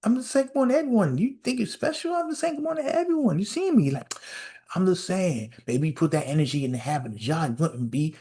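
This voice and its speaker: A man voicing an indignant unemployed man who fires back high, fast, incredulous retorts. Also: expressive, dark tone, husky, heavily acted.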